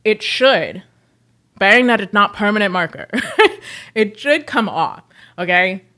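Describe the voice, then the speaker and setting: A woman's voice: medium pitch, animated, a little slow, sharp tone. A woman livestreaming casually, chatting with viewers in a slangy, friendly way while she works, laughing often. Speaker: livestreamer selling clothes online. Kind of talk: casual chat while working.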